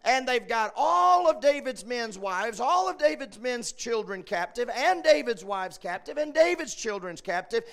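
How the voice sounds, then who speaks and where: A man preaching a sermon, swinging between shouted peaks and quiet asides. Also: extremely high pitch, big pitch swings, unhurried, vocal fry, few pauses.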